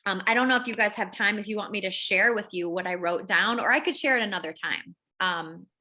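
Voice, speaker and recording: A woman's voice: mid-range voice, a little fast, sharp tone. A woman hosting a wellness group over a video call, telling a rambling story with many fillers. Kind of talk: casual chat on a video call.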